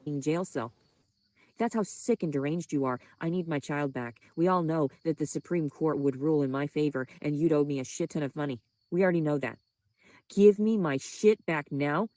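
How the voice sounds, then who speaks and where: A woman's voice: low-pitched, a little fast, mellow, no echo. A woman in a played clip, ranting in fury with constant profanity and demands. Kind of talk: angry profane rant.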